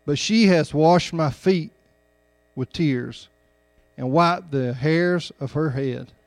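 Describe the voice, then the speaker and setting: Male preacher, high-pitched, homespun storytelling building to fervent emphasis, dry close recording. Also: slow pace, no room sound. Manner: folksy storytelling, rising to loud emphatic preaching. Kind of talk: sermon.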